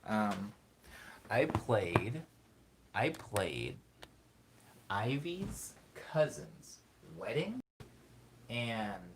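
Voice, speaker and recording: A man's voice: mid-range voice, a little hiss or hum. A young man casually chatting on a live stream from his small bedroom, reading viewer comments and rambling with frequent self-corrections.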